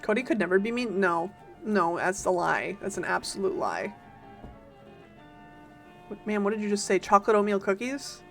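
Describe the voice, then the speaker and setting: Chatting with viewers while she streams a game, a woman greets them and teases playfully in short bursts. Her medium-pitched voice is creaky, and soft music plays in the background.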